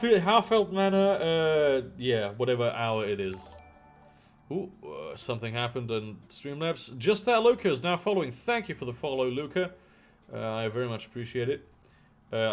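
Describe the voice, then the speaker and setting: A man streaming a video game, reading its story text aloud and chatting casually in between. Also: fairly high pitch.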